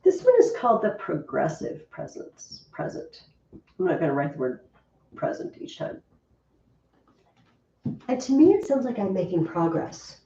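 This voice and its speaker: Woman teacher, animated and mellow-toned, heard from a distance in a dull, roomy classroom recording. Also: lowish voice, normal speed. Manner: lively, chatty teacher asking the class questions. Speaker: Latin teacher. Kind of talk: classroom lesson.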